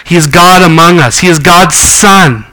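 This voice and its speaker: Man, preaching, earnest, bright edgy tone, fairly high voice. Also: moderate pace, rough recording. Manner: earnest preaching with scripture reading and acted quotes. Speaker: pastor. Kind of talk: sermon.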